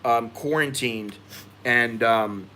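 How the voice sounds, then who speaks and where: An American man hosting a casual livestream, venting with frustration and climbing in pitch as he gets worked up. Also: slow, sharp tone, a little hiss or hum. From United States. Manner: frustrated venting, rising in pitch when agitated. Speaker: expat livestream host.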